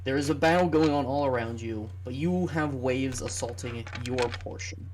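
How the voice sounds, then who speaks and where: A game master narrating a tabletop battle on a live stream, speaking deliberately with frequent fillers. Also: medium pitch, darkish tone, slight background noise.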